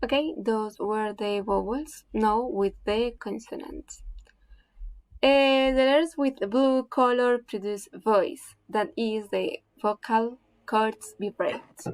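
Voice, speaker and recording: A woman giving a slow classroom presentation on phonetics, saying each example word twice with careful deliberation. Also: on the high side, dry recording, low-quality recording.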